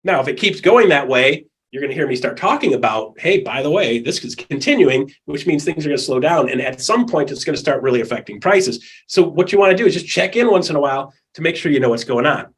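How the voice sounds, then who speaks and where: In an interview, a middle-aged man coaches real estate agents with animated energy, acting out the people and calls he describes. His voice sits on the high side and is slightly rough, and he talks quickly with few pauses.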